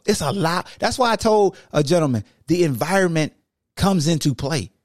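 A man hosting a sports podcast, talking casually in an animated monologue that swings from loud calls to low asides. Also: no room sound, studio quality. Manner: casual, conversational phrasing. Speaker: podcast host.

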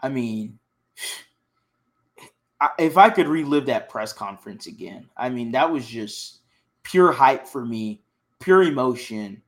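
A young man from Houston co-hosting a casual sports chat, passionate and excitable, often repeating himself. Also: medium pitch, slow pace, pauses often. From Houston, Texas. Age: young adult. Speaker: sports podcast co-host.

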